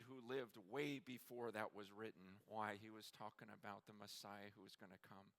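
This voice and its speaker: A man preaching a sermon at a conference, impassioned and halting, moving from hushed reflection to near-shouting. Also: fairly low pitch. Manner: halting restarts when moved.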